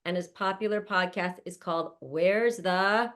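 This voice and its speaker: Speaking from home while her mother is close by, this woman hosts an online panel and greets every guest with gushing, talkative introductions and frequent laughter. Her voice is fairly low, a little bright, and unhurried.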